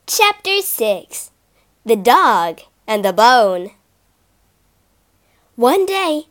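A woman reads children's fables aloud in an expressive, animated storybook voice. Her pitch is high and swoops widely, and she reads at an unhurried pace. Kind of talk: storybook reading.

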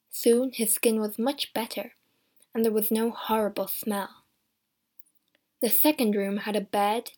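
A woman reading a story aloud as scripted narration, slow and measured. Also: on the high side, darkish tone. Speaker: audiobook reader.

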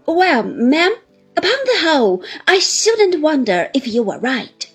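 A woman's voice: high-pitched, sing-song, measured pace, faint music behind, pitched above the performer's own voice. A woman voicing a brusque elderly aunt who speaks abruptly. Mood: dry.

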